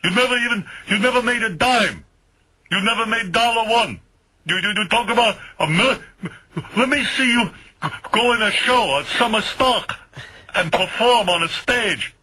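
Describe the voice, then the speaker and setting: A man's voice: high-pitched, normal speed, sharp tone, breathy edge, pitched above the performer's own voice, full character voice, rough recording. A man doing his scolding old father. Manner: scolding, lecturing. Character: nagging older father scolding his son. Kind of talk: comic impression on talk radio.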